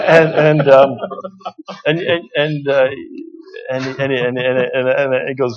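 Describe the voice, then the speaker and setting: Gravelly-voiced man telling a story. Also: mid-range voice, steady tone, normal speed, slight background noise. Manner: storytelling with many restarts. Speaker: panelist. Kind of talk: panel discussion anecdote. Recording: muffled lo-fi sound.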